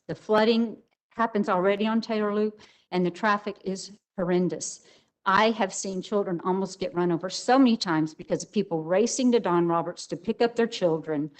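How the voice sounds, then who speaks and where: An older woman speaks as a resident giving public comment at a hearing, emotional and emphatic. Her voice is medium in pitch, and the recording is poor.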